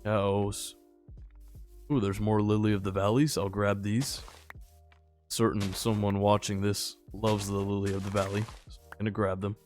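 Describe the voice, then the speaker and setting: A man's voice: lowish voice, flat delivery, normal speed, pauses often, darkish tone, faint music behind. A young man casually chatting and rambling while he plays, sometimes calling out to the animals in the game. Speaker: gaming channel host. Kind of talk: casual gameplay commentary.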